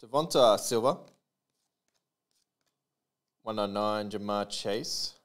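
Slow, smooth-voiced man calling cards. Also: on the low side. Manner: rattles off player names and numbers, chatty asides to viewers. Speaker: trading card break host. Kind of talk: live card break, calling out cards.

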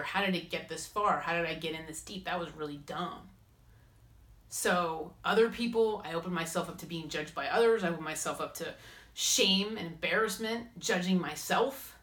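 A woman hosting a spiritual advice talk, speaking in a lively way and acting out inner voices and quotes. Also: fairly low pitch, normal speed. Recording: roomy echo.

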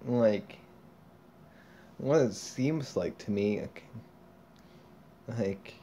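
A man reacting to a video on a face cam, halting and full of fillers, on a dull lo-fi recording with faint noise. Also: mid-range voice, mellow. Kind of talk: reaction commentary.

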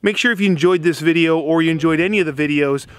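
A man's voice: a little high, quick pace, a bit bright. A man, a building contractor, giving a casual how-to explanation in plain-spoken, folksy tradesman talk at an outdoor construction site.

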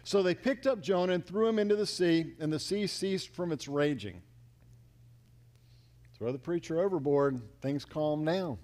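A male pastor with a slightly high voice preaches at normal speed, swinging between loud, emphatic lines and hushed near-whispers as he acts out quotes.

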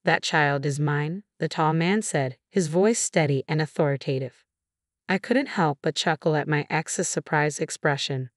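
A woman with a notably low voice tells a first-person story in a steady, measured narration. Her delivery stays even from line to line. The recording is dry and close, with no room sound. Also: dry recording.

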